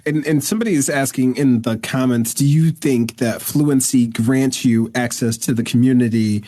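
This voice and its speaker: A man's voice: medium pitch, fairly even intonation, moderate pace, warm tone, no room sound, clean studio sound. A man hosting a podcast, chatting casually, restarting his sentences and often agreeing with "right" and "exactly.". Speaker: podcast host.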